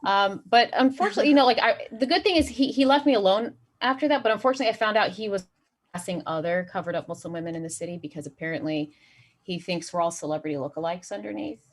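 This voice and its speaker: A woman's voice: mid-range voice, lively intonation, fast. A woman performing a stand-up comedy set online, delivering dry punchlines and often chuckling at her own jokes. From Saudi Arabia.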